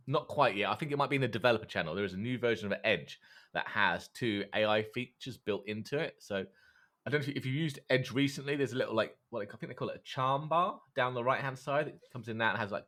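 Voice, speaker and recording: A man co-hosting a casual tech podcast, explaining in a relaxed way with fillers. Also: mid-range voice, quick pace. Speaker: podcast co-host.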